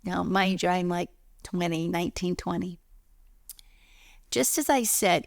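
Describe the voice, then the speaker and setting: Middle aged woman telling her life story, kinda gravelly voice, does all the voices, dry close mic. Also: on the low side, a little slow, dry recording. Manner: animated storyteller, acts out voices in quotes. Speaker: spiritual teacher and author. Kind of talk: personal storytelling monologue.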